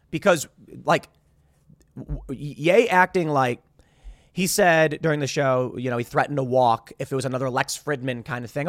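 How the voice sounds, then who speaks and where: A man's voice: a little high, moderate pace, no room sound, clean studio sound. A man hosting his own show, rambling through a casual commentary monologue. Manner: rambling, mimics others in quotes. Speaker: show host.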